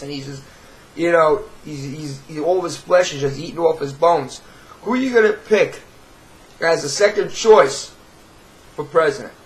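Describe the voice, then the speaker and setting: High-voiced New York guy, swearing and sarcastic, rambling vlog rant. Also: rough recording. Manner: profane, sarcastic, rambling with repeated restarts. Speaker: video blogger. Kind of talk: ranting to camera.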